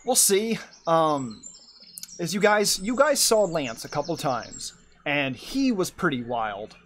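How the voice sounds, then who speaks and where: A man's voice: a little high, big pitch swings, slow, fairly bright tone, a little hiss or hum. A man streaming from his room at home, chatting casually and rambling while he draws and answers his chat. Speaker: art streamer.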